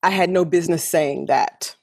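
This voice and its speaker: A woman's voice: fairly low pitch, normal speed, gravelly. A woman co-hosting a casual conversation, talking emphatically and repeating her key phrases.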